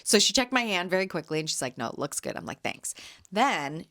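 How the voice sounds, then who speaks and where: A woman in her thirties from Canada, hosting a podcast and telling a chatty story with quick laughs. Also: lowish voice, sing-song, pushed and bright, a little hiss or hum. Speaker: podcast host and jam vendor. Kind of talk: casual storytelling.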